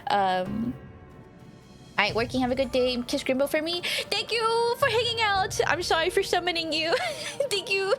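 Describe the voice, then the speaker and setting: A woman's voice: very high-pitched, sing-song, normal speed, fairly bright tone, faint music behind. A woman streamer chatting casually with her viewers while playing a game, giggling often and swearing now and then. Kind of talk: casual livestream chat while gaming.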